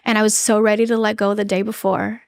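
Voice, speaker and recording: A woman in her thirties, a podcast guest telling a personal story in an earnest, halting way, with many fillers and restarts. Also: medium pitch, little pitch movement, no room sound, studio quality. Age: 30s. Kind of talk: candid interview storytelling.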